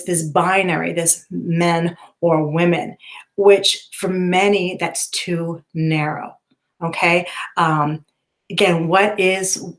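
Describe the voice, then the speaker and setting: A middle-aged woman teacher giving a recorded lecture to students in a conversational way, with many fillers and tag questions. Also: on the low side.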